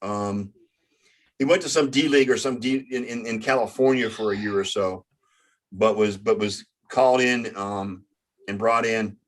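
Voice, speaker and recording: A man hosting a casual sports talk show, halting and often stumbling over his words. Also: lowish voice. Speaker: sports podcast host.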